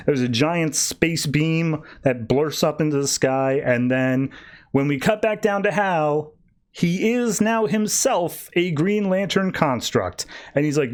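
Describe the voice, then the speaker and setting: A man hosting a podcast, casually recapping a comic issue and voicing the characters in quick, animated asides. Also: on the high side. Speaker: podcast host.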